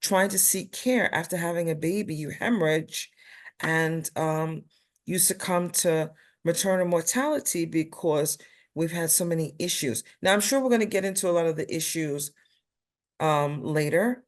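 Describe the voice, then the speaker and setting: A woman's voice: low-pitched, normal speed. A woman with a New York accent, a nurse and health policy advocate, talking as a guest in an interview, emphatic and playful when she tells a story. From Brooklyn, New York. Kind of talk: panel interview conversation.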